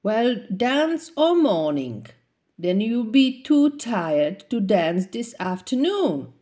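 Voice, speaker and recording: A woman's voice: fairly high pitch, big pitch swings, slow, mellow, pitched above the performer's own voice. A woman reading a storybook aloud, voicing a young boy crocodile who frets and gets embarrassed, in a whiny, fussing way. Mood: eager.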